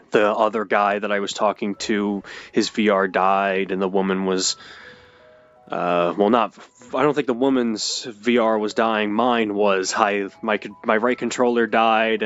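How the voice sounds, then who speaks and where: Hesitant young man, smooth voice. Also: fairly low pitch, a bit bright, highs cut off. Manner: halting, hesitant, many restarts. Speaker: video creator. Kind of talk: emotional personal storytime.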